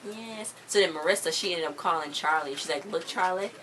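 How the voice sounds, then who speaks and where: Brief: young woman with a low voice, slangy and emphatic, casual episode-recap vlog, faint room hum behind her. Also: brisk, rough recording. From US countryside. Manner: chatty, emphatic, slangy, animated. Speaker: TV episode reviewer.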